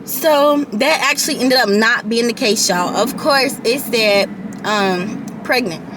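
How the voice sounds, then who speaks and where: A woman's voice: fairly high pitch, slow pace, background noise. A young woman in her late teens telling a personal story to her viewers in a chatty storytime vlog, often calling them y'all and repeating herself. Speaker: vlogger.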